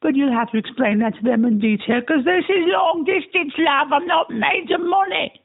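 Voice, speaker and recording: A man leaving a drunken phone message to himself in a put-on British accent, loud and rambling. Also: high-pitched, very animated, measured pace, vocal fry, slightly rough, voice pushed up, full character voice. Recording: tinny phone voicemail.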